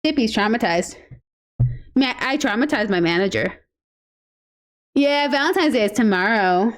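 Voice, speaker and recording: A woman's voice: a little high, lively intonation, normal speed, long pauses. A woman streaming a game in casual commentary, chatty and cursing freely, cooing baby talk at her pets. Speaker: gaming streamer.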